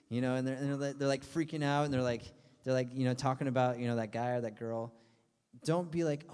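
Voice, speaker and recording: A young man, acting as pastor to a youth group, delivers a casual, chatty sermon packed with fillers and playful asides, even doing his friends' voices for laughs. His voice is medium-pitched and a little mellow, with fairly even intonation and a normal pace. The recording carries a long hall reverb.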